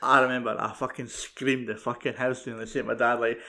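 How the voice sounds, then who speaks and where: Gravelly Scottish man, halting chat. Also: mid-range voice, level tone, pushed and bright. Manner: sweary, halting, full of fillers. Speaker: podcast co-host. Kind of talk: casual film chat.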